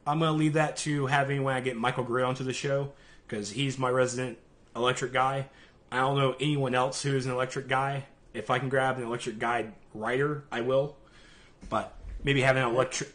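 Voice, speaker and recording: A man's voice: mid-range voice, steady tone, brisk, fairly bright tone. A man with a Southern US accent hosting a casual gaming podcast, chatty and sometimes mumbling. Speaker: podcast host. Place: live-streamed podcast.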